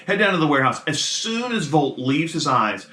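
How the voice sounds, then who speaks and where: Bright-voiced man running a tabletop game. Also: on the high side, very animated. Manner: loose, halting narration with many "um"s and restarts. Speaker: game master. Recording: echoey room.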